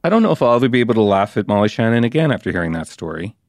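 A man's voice: on the low side, sing-song, rapid-fire, darkish tone, no room sound, studio quality. Friendly, admiring male podcast host. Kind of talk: casual interview chat.

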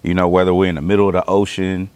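A man from Los Angeles telling stories casually as an interview guest, animated and profane, acting out his own reactions. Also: low-pitched, fast, no room sound. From Los Angeles, California. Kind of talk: casual conversational storytelling.

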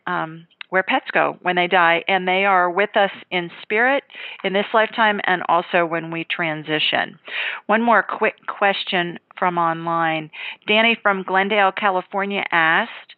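A woman with a low, gravelly voice hosts a call-in psychic radio show. She talks confidently and with emphasis. The sound is narrow and tinny, like a phone line. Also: no echo.

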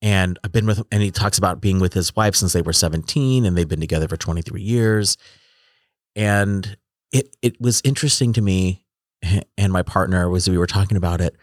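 Low-voiced reflective man in casual talk. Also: brisk, dry recording, clean studio sound. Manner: reflective, trails off and restarts. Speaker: podcast host. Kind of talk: casual conversation.

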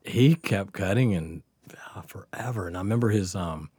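A man's voice: deep voice, normal speed, husky, no room sound. Man, casual storytelling, swears and laughs, dry close mic. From Southern United States. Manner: laughing, profane, animated.

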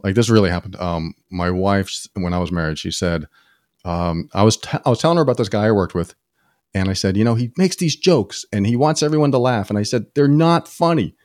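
Animated man telling stories. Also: fast talker, dry recording, clean studio sound. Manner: animated storytelling, acts out quoted people with sudden high pitch jumps. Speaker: podcast co-host. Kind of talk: casual conversation.

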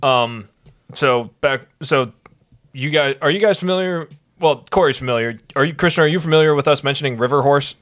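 A man's voice: fairly high pitch, a bit bright. A man co-hosting a casual podcast chat who often restarts and repeats his words. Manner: halting, repeats words while talking. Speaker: podcast co-host.

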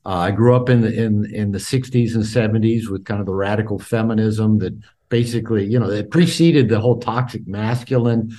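A man's voice: fairly low pitch, fairly quick, mellow. An older man in an interview, a therapist and author, telling his personal story candidly and reflectively, with many fillers and restarts.

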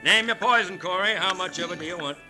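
An actor playing a slick, crooked carnival shell-game barker with smooth patter in an old radio drama. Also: male voice, high voice, fast, bright, forceful tone. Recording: old radio recording with music.

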